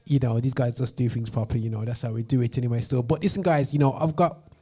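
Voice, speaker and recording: A man's voice: medium pitch, steady tone, quick pace, warm tone, slightly rough. A man hosting a casual live-stream chat, rambling, interrupting himself and laughing often. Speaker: host.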